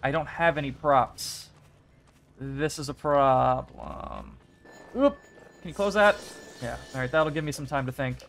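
A man's voice: medium pitch, a little slow, vocal fry, fairly bright tone, slight background noise. A young man giving casual gameplay commentary, talking to himself and to the characters on screen, begging, cursing and celebrating. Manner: talks to himself and game characters, pleading and swearing. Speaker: gaming YouTuber.

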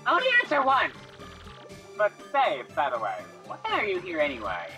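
A woman's voice: fairly low pitch, wildly swooping pitch, normal speed, over music. A woman voicing a cranky old female creature elder who scolds and barks orders. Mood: scolding. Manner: bossy, scolding, shouting orders.

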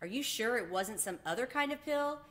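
A woman's voice: a little high, expressive, a little fast, fairly bright tone, pitched above the performer's own voice. A woman reading the part of a nervous, worrying mother mouse in a storybook. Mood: worried. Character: worried, fussing mother mouse.

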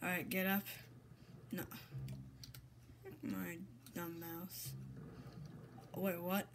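A woman commentating her own gameplay, excitable and exasperated, swapping in mild minced oaths. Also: fairly low pitch, extremely slow, creaky, background noise. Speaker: gamer.

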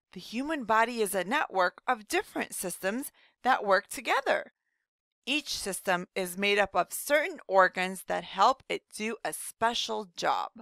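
A woman voicing a cheerful rhyming woman children's doctor, explaining slowly and gently to young children in a scripted read-aloud lesson. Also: mid-range voice, creaky, no room sound, clean studio sound, full character voice.

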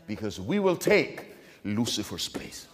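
A male pastor preaching a sermon, asking the congregation to answer back and swinging between quiet asides and loud proclamation. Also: on the low side, sing-song, measured pace, long reverb tail.

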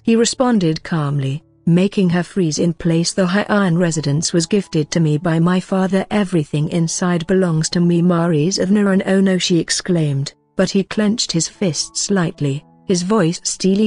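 A woman reading a story recap as scripted narration, in a flat reading style that says speaker tags aloud. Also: fairly low pitch, unhurried, hardly any pauses, husky, dry recording, soft background music.

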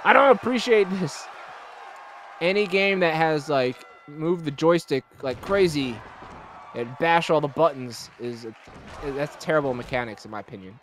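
A man giving let's-play commentary on a video game, excitable, often shouting and swearing. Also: a little high, normal speed, slight background noise. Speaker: gamer.

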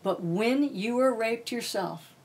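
A woman's voice: fairly high pitch, lively intonation, slow pace, a little mellow. A woman author as a podcast guest, speaking bluntly and profanely about painful experiences. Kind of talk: candid podcast interview.

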